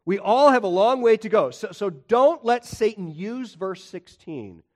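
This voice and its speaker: A man preaching a sermon in a high voice that climbs and drops with great animation. He presses his points with urgent emphasis, often restarting with repeated words. He swings between loud declarations and low, hushed lines. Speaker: pastor.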